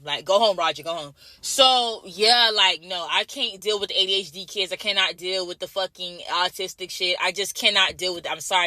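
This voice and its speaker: A woman from Jamaica rants straight to camera in a casual vlog, blunt, profane and repetitive. Her voice is strikingly bright and piercing, set at a middling pitch. The sound is completely dry, with no room around it. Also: no echo. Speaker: vlogger. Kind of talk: casual ranting monologue.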